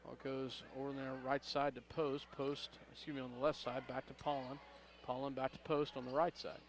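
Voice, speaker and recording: A man announcing a high school basketball game play-by-play, calling passes quickly and rising on big plays. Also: little pitch movement. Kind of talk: local radio basketball commentary.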